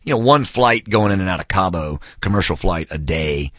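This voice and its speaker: A man's voice: low-pitched, lively intonation, normal speed, fairly bright tone, dry recording, studio quality. A man casually recommending a book, telling a long rambling anecdote in a laid-back way, full of fillers and calling the listener "man". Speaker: book reviewer.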